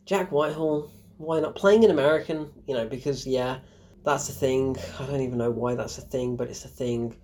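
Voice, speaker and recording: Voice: mid-range voice, fairly quick, darkish tone. A young adult film reviewer talking through a movie in a casual, rambling way, with sarcastic asides and plenty of fillers.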